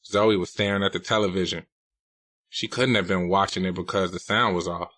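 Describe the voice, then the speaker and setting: A man's voice: deep voice, fairly even intonation, fairly quick, a bit bright, no room sound. A man narrating a novel in the first person, in a blunt, profane, streetwise manner. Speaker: audiobook narrator.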